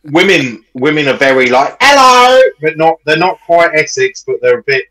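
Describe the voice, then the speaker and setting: A man's voice: a little high, normal speed, fairly bright tone, rough recording. A man co-hosting a casual podcast chat, jokey and playful. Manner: playful, jokey, slips into voices. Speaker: podcast co-host.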